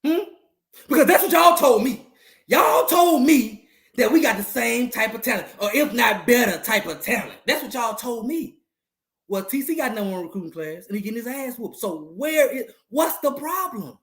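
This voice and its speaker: A man with a high, lively voice loudly gloats over a rival team's loss on his live stream. He keeps repeating his jabs and cuts them with laughter and whoops. The sound comes from a roomy, echoey space. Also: moderate pace. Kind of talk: trash-talking sports live stream.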